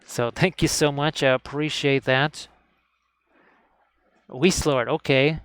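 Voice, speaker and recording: His voice is a little high and a bit bright, steady and slow, smooth with no echo. He's a cheerful miniature painting teacher on a live stream at an indoor hobby desk, casually chatting while working and often urging viewers to "look at this."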